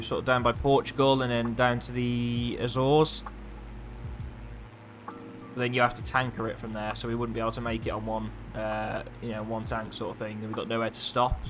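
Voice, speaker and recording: A man's voice: mid-range voice, fairly bright tone, slight background noise. A man, an airline pilot chatting casually as he streams a flight simulator, thinking aloud and poking fun at himself. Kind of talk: casual live-stream commentary.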